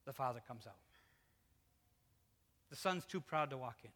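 A male pastor preaching a lively sermon, telling the story with feeling and acting out the quotes, moving between loud and hushed. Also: mid-range voice, moderate pace, long reverb tail. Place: church sanctuary.

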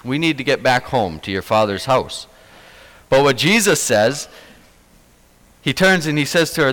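A man's voice: mid-range voice, expressive, unhurried, long pauses, a bit bright. A man preaching a sermon, telling a story with animation and acting out the quoted lines. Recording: long hall reverb.

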